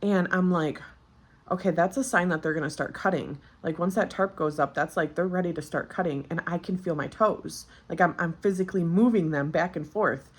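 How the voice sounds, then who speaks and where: Vlogger, woman in her 30s, low voice, candid and chatty, fresh from childbirth. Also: a little fast, husky. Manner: candid, chatty, frequent fillers. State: recently postpartum. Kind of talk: casual storytelling.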